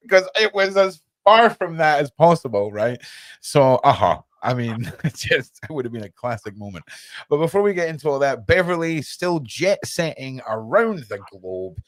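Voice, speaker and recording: A man's voice: mid-range voice, expressive, moderate pace, no room sound. A man with a Scottish accent hosting a podcast interview in an easygoing, enthusiastic way. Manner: chatty, enthusiastic. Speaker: podcast host. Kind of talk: casual interview chat.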